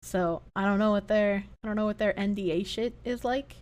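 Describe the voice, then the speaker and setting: A woman's voice: medium pitch, a little fast. A woman livestreamer chatting casually, swearing freely as she reacts to videos. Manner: animated, profane, reacting to videos. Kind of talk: casual chat.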